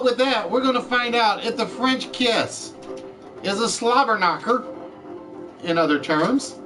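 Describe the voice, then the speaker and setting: A high-voiced man hosts a chat-based game show, drawing out his announcements with showy flair. He sounds a bit distant from the microphone, and faint music plays underneath. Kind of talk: live-streamed chat game show hosting.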